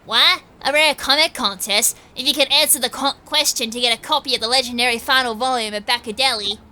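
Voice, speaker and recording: A woman's voice: sits high, a little fast, pushed and bright. An Australian woman voicing a smug young male comic-book nerd in a game, with a nasal, pinched voice. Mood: excited. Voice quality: nasal, scrunched-face voice.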